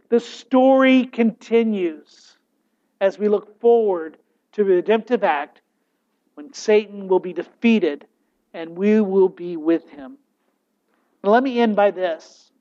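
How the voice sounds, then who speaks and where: A high-voiced man preaches a sermon, lively and animated, often breaking off and restarting his sentences. The recording is dull and lo-fi, as if captured in a church. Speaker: pastor. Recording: dull, lo-fi sound.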